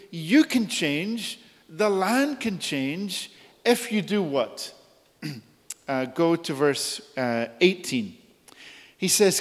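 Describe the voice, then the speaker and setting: A man preaching a sermon in a church, earnest and deliberate, his voice rising in urgent questions as he voices the prophet's appeals. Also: lively intonation. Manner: slow, earnest, rises high and urgent when voicing God's appeals. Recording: long reverb of a hall.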